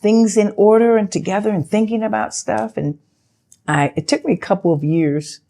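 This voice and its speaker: An older woman, an actress, telling a story in a sit-down interview in a chatty, animated way and acting out the dialogue. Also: normal speed, gravelly. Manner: animated, acts out quoted dialogue with big pitch jumps; chatty, loose, with fillers and self-interruptions.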